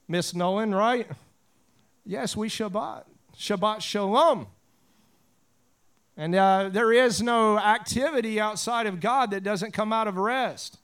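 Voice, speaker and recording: A pastor with a drawl, preaching in a high, smooth and resonant voice. He drifts from scripture reading into fervent prayer and easygoing storytelling. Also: fairly bright tone. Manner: casual storytelling with prayerful swells. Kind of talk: sermon.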